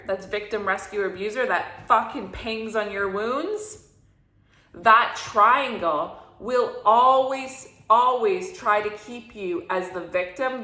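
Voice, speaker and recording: A woman's voice: mid-range voice, slow pace, pushed and bright, reverberant. A woman coaching listeners in a motivational talk, emphatic and preachy, with free swearing. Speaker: spiritual coach.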